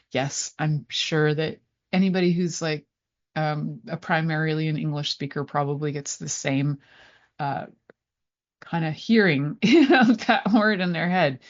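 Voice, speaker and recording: Low-voiced chatty woman radio host. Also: muffled recording. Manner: chatty, rambling, laughs easily. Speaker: sex and relationship coach, radio host. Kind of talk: casual radio talk.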